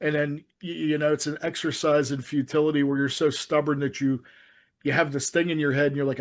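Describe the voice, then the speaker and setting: A man co-hosting a casual movie talk show, his voice sitting a bit high for a man. He rambles with lots of restarts and swears freely as he gets worked up. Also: fairly quick. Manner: rambling, profane, excitable with many restarts. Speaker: podcast co-host. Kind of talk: casual film discussion.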